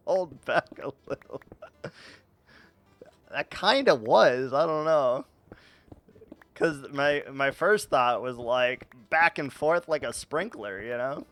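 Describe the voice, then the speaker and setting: A man's voice: mid-range voice, lively intonation, slow, long pauses, fairly bright tone. A man streaming a game, chatting casually and teasing his viewers, often laughing at his own jokes. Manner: teasing, playful banter with chat. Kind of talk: casual live-stream chat while gaming.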